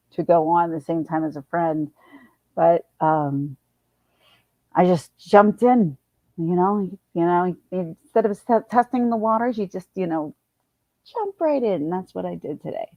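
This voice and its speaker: A woman's voice: fairly low pitch, no room sound. Chatty woman on a dull lo-fi stream. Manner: rambling, chatty, many restarts and fillers. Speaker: livestream host. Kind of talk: casual livestream chat. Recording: dull, dry lo-fi sound.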